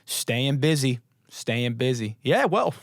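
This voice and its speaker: A hoarse man acting out a bland wedding guest trading repetitive, chirpy pleasantries in a raised voice. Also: medium pitch, big pitch swings, takes it slowly, no echo, studio quality. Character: bland wedding guest making endless small talk.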